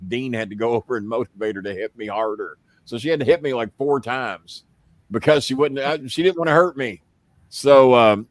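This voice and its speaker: A male host spins a story on a live show in a casual, profane, rambling way, and his voice jumps up loud and high when he acts out his own lines. The sound is dry and close. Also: dry recording. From United States. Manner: profane, animated, shouts when quoting himself.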